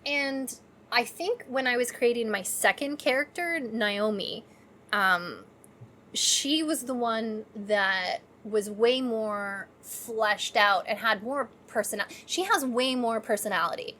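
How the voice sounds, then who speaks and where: A woman's voice: a little high, slow, sharp tone, a little hiss or hum. A young woman guesting on a casual podcast, thinking aloud and asking lots of questions. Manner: thoughtful, asks many questions.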